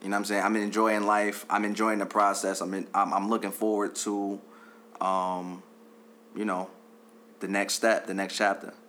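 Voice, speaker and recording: Laid-back man with a bright low voice. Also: little pitch movement, normal speed, slight background noise. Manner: laid-back, slangy, with "you know what I'm saying". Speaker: podcast guest. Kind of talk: casual podcast chat.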